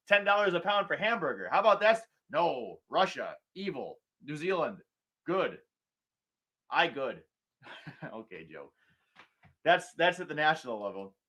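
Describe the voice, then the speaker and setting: A middle-aged man hosting a political talk show, ranting with sarcasm and mocking politicians in put-on quotes. His voice sits a little high and rings bright and sharp.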